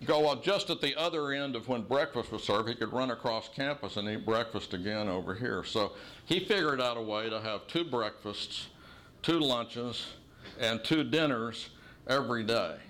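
A man's voice: mid-range voice, fairly bright tone. Earnest middle-aged male pastor preaching. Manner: earnest teaching tone, slows and stresses key phrases. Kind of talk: sermon.

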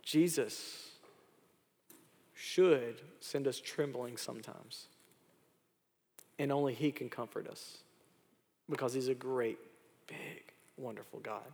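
A man preaching from the pulpit, leaning on repeated phrases and rising emphasis. His mid-pitched voice rings out with a long reverb tail, as if carried through a large hall. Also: takes it slowly, vocal fry, pauses often. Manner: preaching with repetition and rising emphasis, then soft prayer. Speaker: pastor. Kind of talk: sermon.

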